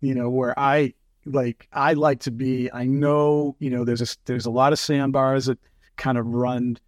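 A man's voice: mid-range voice, flat delivery, measured pace, no room sound, clean studio sound. A man telling fishing stories in casual chat, acting out quotes with lots of fillers. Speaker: fly fishing guest.

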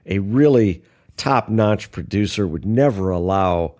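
A man's voice: fairly low pitch, expressive, measured pace, darkish tone. A man co-hosting an aviation podcast, chatting casually and telling stories with many fillers and restarts. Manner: rambling storyteller, many fillers. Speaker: podcast co-host. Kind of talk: casual chat.

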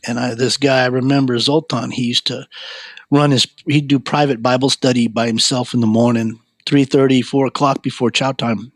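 A man's voice: mid-range voice, level tone, moderate pace, dry recording. Earnest man telling his life story. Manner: earnest, frequent stammered repeats. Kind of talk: personal testimony storytelling.

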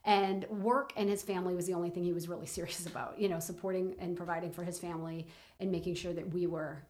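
A middle-aged woman telling a personal story in an interview, halting with many fillers and restarts. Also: on the low side, little pitch movement, a little mellow. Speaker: guest.

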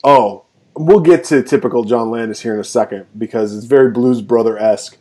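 A man co-hosting a film podcast remotely, retelling scenes with lively quoted voices and frequent laughter. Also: medium pitch, a little fast. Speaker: podcast co-host. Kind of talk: casual film review chat. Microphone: remote recording.

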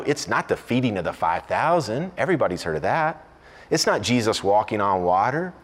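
A male pastor preaching a sermon. He talks in a conversational way, with humor and dramatic pauses. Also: medium pitch, in a large hall.

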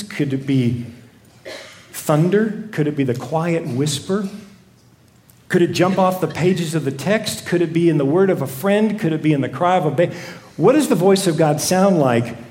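A man's voice, slightly high and darkish, belongs to a pastor giving a sermon. He relies on storytelling and asks rhetorical questions again and again, and the room echoes.

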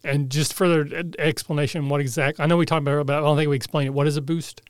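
Male tabletop player, somewhat high voice, dry sound; casual and quippy. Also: little pitch movement, quick pace, no room sound. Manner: joking, questioning.

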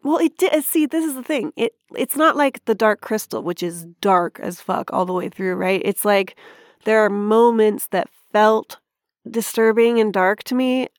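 A woman's voice: medium pitch, unhurried, dry recording, studio quality. Chatty woman with a frank, candid style. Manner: chatty, frank, swearing casually. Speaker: podcast co-host. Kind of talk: casual movie review chat.

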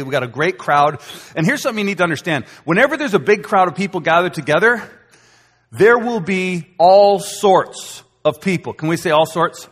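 A man preaching a sermon as a pastor, telling the story in an animated way and acting out how the crowd reacts. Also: fairly high pitch. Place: church hall. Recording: long hall reverb.

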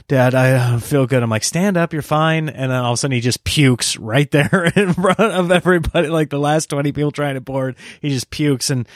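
A middle-aged man telling a casual anecdote, acting out other people's lines in high, jokey voices. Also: no room sound, studio quality. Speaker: storyteller.

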